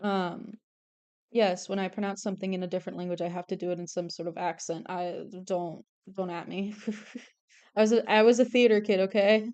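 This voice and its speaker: A young woman chats away casually while drawing on stream, her voice smooth and clean. She gets excitable and swears freely, rambling from one thought to the next. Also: medium pitch, moderate pace, dull audio. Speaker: artist streamer.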